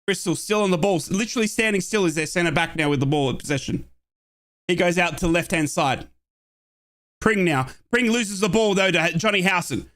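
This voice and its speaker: A young Australian man giving excited fan play-by-play on a football match and chatting with viewers from his home office. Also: high voice, moderate pace. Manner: excitable, shouts at chances, chats with viewers. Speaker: watchalong streamer.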